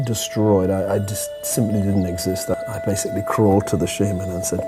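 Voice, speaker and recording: A man speaking as an interview guest, telling a reflective story in a halting way, often repeating words and laughing softly. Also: lowish voice, flat delivery, over loud music.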